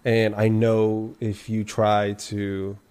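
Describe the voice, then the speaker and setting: A man in casual podcast chat, telling a story in animated, slangy bursts with many restarts. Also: lowish voice, takes it slowly, clear, resonant tone.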